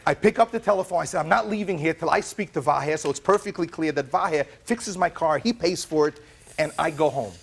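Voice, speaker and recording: A man telling his side of a dispute in a courtroom, in an animated way that often stumbles and repeats words. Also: fairly high pitch, fairly quick, gravelly, slightly rough. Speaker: plaintiff in a TV courtroom.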